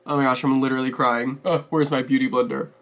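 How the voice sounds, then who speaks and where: Bright-voiced chatty young man vlogging. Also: medium pitch, fast. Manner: chatty and expressive, swears freely, laughs often. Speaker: beauty vlogger host. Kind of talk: casual chat while doing makeup.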